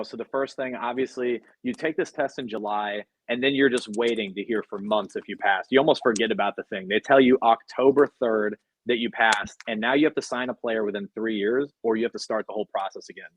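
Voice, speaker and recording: A man's voice: medium pitch, brisk, few pauses, low-quality recording. A man, a podcast guest, telling his career story in casual, rambling talk full of fillers. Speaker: podcast guest, sports agent. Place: podcast studio.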